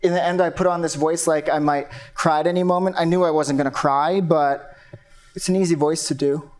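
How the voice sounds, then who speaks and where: An actor playing James, a young man questioned by his lawyer after his father's death, in a flat, guarded, matter-of-fact way. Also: a little high, fairly quick, close to an everyday voice. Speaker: accused son. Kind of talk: stage play acting.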